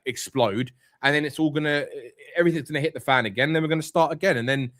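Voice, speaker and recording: A man's voice: mid-range voice, a bit bright. A man co-hosting a football fan stream, arguing passionately, often stumbling and restarting his sentences. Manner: passionate, halting with many restarts. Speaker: co-host. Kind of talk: casual fan podcast banter.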